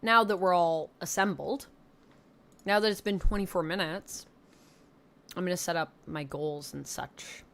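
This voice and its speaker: A woman's voice: fairly low pitch, measured pace, pauses often, fairly bright tone. A young woman from Canada with a slight Southern twang, chatting casually and rambling on a live stream from her home desk mic. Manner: chatty, rambling, self-deprecating.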